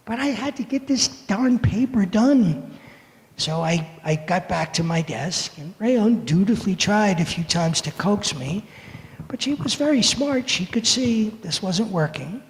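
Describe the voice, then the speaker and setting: Gravelly older man telling a story. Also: high voice. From United States. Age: 70s. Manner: animated, playful storyteller who acts out moments. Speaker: guest speaker telling a story for all ages. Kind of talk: storytelling in a service. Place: sanctuary. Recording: echoey hall reverb.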